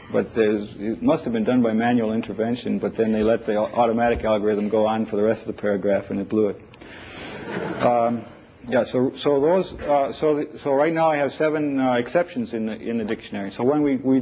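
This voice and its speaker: A man's voice: mid-range voice, mellow, slight background noise. Man lecturing on a dull old tape. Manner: informal, thinks aloud, takes audience questions. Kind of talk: live technical lecture with on-screen demo. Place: lecture room with audience.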